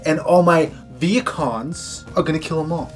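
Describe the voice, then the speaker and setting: A man's voice: on the high side, moderate pace, soft background music, pitched above the performer's own voice, close to an everyday voice. A man voicing a gloating male robot villain warlord in a swaggering, mocking way.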